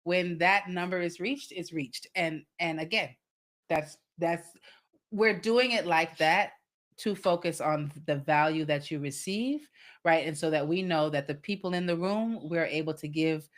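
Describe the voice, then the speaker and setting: A woman's voice: fairly low pitch, unhurried. A woman co-hosting a live podcast stream in casual chat, upbeat and laughing often. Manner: upbeat, laughs often, warmly thanks listeners. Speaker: podcast co-host.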